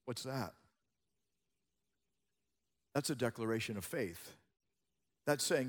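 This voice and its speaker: A man preaching a sermon as a pastor, moving between hushed passages and loud, emphatic ones. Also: medium pitch, lively intonation, takes it slowly, long pauses, big-room sound.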